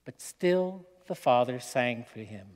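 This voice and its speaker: Preacher guy telling a story real slow and dramatic, echoey church hall. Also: medium pitch, lively intonation, darkish tone. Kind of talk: sermon storytelling. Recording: long hall reverb.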